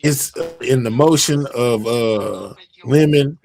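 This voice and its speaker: A man's voice: mid-range voice, normal speed, faint music behind. A man hosting a live stream, chatting casually and reading out viewer comments, rambling with many fillers and restarts. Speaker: livestream host.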